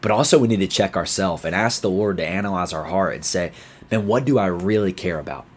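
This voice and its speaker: Man, deep voice, casual Bible devotional, scripture reading, slangy emphatic commentary. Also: brisk, slightly rough. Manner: reads scripture then riffs in slangy, emphatic asides. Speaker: Bible teacher.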